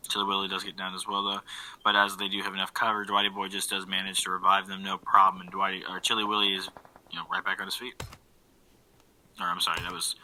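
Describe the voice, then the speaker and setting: Guy casting a mobile shooter match, lowish voice but super bright and sharp, lots of uh and um, faint hiss behind. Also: poor audio. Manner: relaxed play-by-play with frequent fillers and self-corrections. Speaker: esports caster. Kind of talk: live game commentary.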